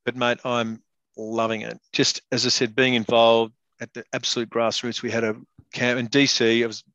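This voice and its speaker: A man's voice: mid-range voice, level tone, moderate pace, fairly bright tone, no echo, muffled recording. A middle-aged man, a former rugby player, chatting bluntly and casually in an interview, swearing freely and calling everyone mate. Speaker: guest, former professional rugby player and state rugby board member.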